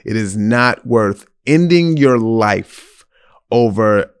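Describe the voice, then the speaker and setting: A man's voice: fairly low pitch, takes it slowly, clean tone. A man hosting a casual advice podcast, frank and blunt as he answers a listener's letter. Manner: blunt, frank, lively delivery. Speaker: podcast host giving advice.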